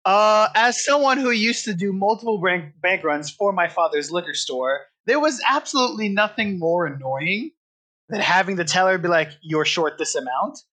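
Calm, bright-voiced man. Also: high voice, normal speed. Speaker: podcast co-host. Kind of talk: casual chat.

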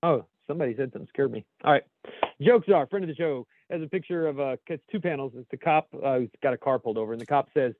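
A man's voice: medium pitch, fast, no room sound, narrow, tinny audio. A man with an American accent co-hosting a casual show, reading jokes aloud and laughing often. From United States. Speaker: podcast co-host.

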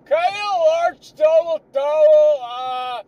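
A man voicing a drive-thru customer who shouts his order in a high voice and stumbles over it with fillers. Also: no echo, highs cut off. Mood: shouting. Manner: high, yelling, halting with fillers.

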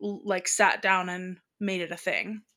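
A woman's voice: lowish voice, steady tone, a little slow, pushed and bright. Young woman co-host, chatty and emotional, easy laugh. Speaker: podcast co-host. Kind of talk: casual chat.

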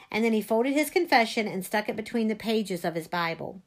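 A woman reading a first-person story aloud, expressive. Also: mid-range voice, a little fast. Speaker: reader.

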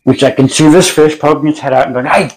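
A man's voice: on the high side, flat delivery, fast talker, darkish tone, rough recording. A man guesting on a comedy podcast, chatting casually in a wry, joking way and swearing freely.

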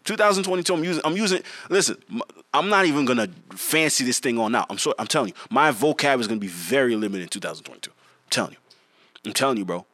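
A man's voice: medium pitch, expressive, fast, fairly bright tone, no echo. A young man co-hosting a podcast in casual banter, joking, laughing and restarting his sentences. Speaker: podcast co-host.

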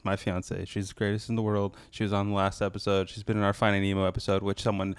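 A man's voice: fairly low pitch, completely flat delivery, quick pace, smooth, no echo, studio quality. A young man co-hosting a film podcast in casual chat, with joking, profane asides. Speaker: podcast co-host.

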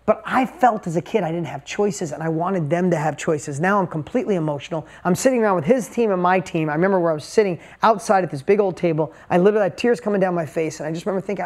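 A man's voice: sits high, quick pace, hardly any pauses, a little mellow. A man in his forties speaks to a live audience as a motivational speaker. He tells a personal story with emphatic, intense delivery. He drives his points home with short, repeated phrases.

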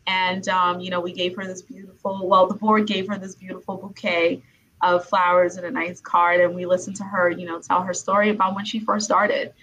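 A woman's voice: fairly low pitch, level tone, fairly quick, a bit bright, dull audio, a little hiss or hum. A woman from Brooklyn, New York, hosting a casual interview, talking in a chatty way with lots of "you know" and repeated words.

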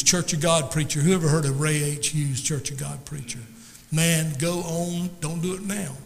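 A male pastor preaching an emotional Pentecostal sermon with emphatic, chatty asides to the congregation. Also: fairly high pitch. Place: church sanctuary. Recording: long reverb of a church hall.

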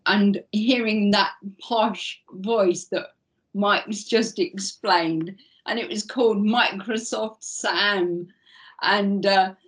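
A woman speaking as a panel guest, measured and full of fillers. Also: mid-range voice. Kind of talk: panel discussion.

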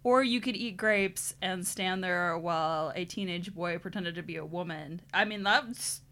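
A woman's voice: lowish voice, unhurried, fairly bright tone. A married woman co-hosting a casual podcast chat, joking and chatty. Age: adult, married. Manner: chatty, jokey, puts on silly voices. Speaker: podcast co-host.

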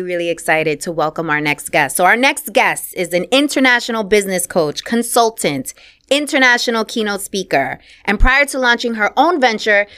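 A woman's voice: mid-range voice, fairly bright tone, clean tone. A woman hosting a podcast interview, chatting casually with a playful, slangy and enthusiastic manner. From Puerto Rican heritage, New York. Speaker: podcast host.

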